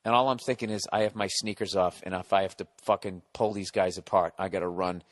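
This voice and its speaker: A man telling a comic story as a podcast guest, animated, blunt and full of swearing. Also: low-pitched, fast.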